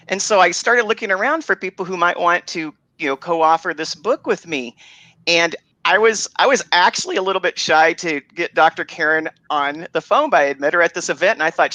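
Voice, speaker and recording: A man with a slightly high, very bright voice, guesting as a co-author. He tells his story in an animated, casual way and keeps restarting his sentences. The tone is keen and lively. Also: normal speed, dry recording, rough recording. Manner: animated storytelling, self-interrupting. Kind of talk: casual chat.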